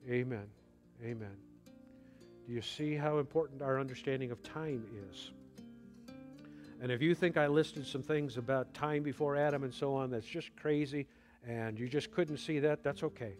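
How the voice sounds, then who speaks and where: A man preaching a sermon, slow and deliberate, rising now and then to emphatic bursts. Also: mid-range voice, steady tone, a little mellow, faint music behind. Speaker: pastor.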